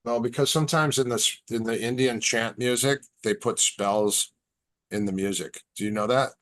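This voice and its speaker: A man's voice: medium pitch, moderate pace. A man in casual podcast chat, telling stories and acting out the dialogue. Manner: relaxed storyteller, acts out quoted dialogue. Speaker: podcast guest.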